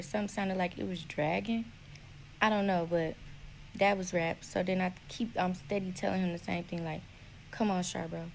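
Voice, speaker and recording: A young woman telling her own story in a blunt, profane, animated way. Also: medium pitch, creaky, a little hiss or hum, rough recording. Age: young adult. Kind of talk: casual storytelling.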